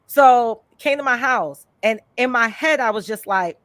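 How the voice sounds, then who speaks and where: Woman podcast host, candid storyteller, chatty and animated, dry close sound. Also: on the high side, unhurried, no room sound. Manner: animated, chatty, frequent "you know" and "like". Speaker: podcast host and life coach.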